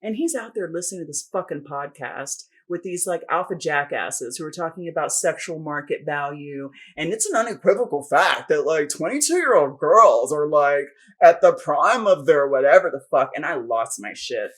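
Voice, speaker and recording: A middle-aged woman with a husky, slightly breathy voice talks in a loose podcast conversation. She is blunt and swears freely, rattling through stories in quick bursts. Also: deep voice. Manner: blunt, profane and animated, fast bursts. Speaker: podcast guest. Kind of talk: casual chat.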